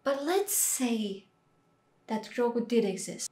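High-voiced gushing woman reacting. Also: measured pace. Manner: emotional, exclaims and gushes loudly. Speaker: reaction video host. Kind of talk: excited reaction commentary. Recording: echoey room with show audio behind.

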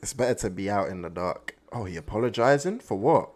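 A man with a fairly low voice reacts to an anime episode in loose, slangy casual talk. He gets excited easily and speaks straight to his viewers as the host. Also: brisk.

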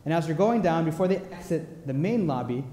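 A man preaching a sermon, telling a story in an earnest, unhurried way with pauses. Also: on the high side, expressive, dark tone. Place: large church sanctuary. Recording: echoey church hall with long reverb.

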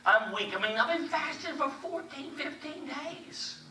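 Brief: high, bright-toned male preacher, animated storyteller, recorded from a distance in an echoey hall. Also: a little slow. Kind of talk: sermon. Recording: echoey hall, distant mic, faint hiss.

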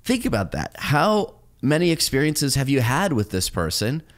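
Podcast host: man, expressive, wide-ranging delivery, mid pitch, advice-giving storyteller. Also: moderate pace. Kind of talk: casual podcast conversation.

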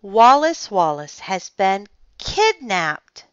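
A woman's voice: lowish voice, very slow, fairly bright tone, smooth, dry recording, dull audio. Woman voicing a worried young boy, mumbly, guilty, storybook character.

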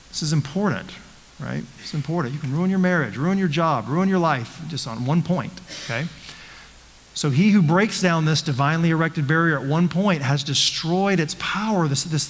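Earnest man teaching in a reverberant church. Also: a little high. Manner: earnest, rhetorical questions, frequent restarts. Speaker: pastor. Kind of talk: conversational Bible study teaching.

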